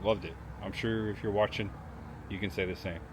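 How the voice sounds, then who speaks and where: A man's voice: on the low side, steady tone, a little fast. A man talking casually as a travel vlogger, chatty and reflective, sometimes getting emotional as he walks through a city. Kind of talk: casual vlog narration. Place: outdoors on city streets. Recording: outdoor street noise.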